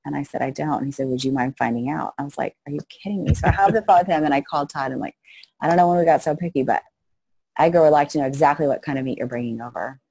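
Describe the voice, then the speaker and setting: Woman, middle-aged, low husky voice, gravelly, animated storytelling, dry close sound. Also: rapid-fire, dry recording. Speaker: guest, missionary to orphans. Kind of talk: storytelling interview.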